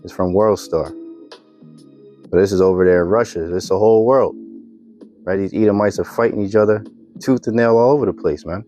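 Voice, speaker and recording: A man's voice: on the low side, brisk, pauses often, warm tone, soft background music. A man giving casual religious commentary on videos, reading scripture and ending remarks with "man".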